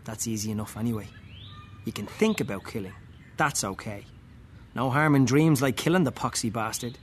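A man reading a first-person story aloud, slow and wry, with muttered, dry asides. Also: mid-range voice, a little hiss or hum.

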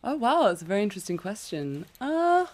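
A woman's voice: mid-range voice, sing-song, brisk, a little mellow. A woman from England with Irish parents, a writer and performer answering questions in a radio studio, self-deprecating and giggly, with many fillers. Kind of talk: radio interview.

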